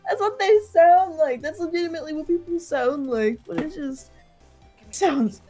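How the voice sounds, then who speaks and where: A woman's voice: high voice, normal speed, mellow, soft background music. A woman chatting casually and crudely with a friend while they play a game together, joking and swearing a lot.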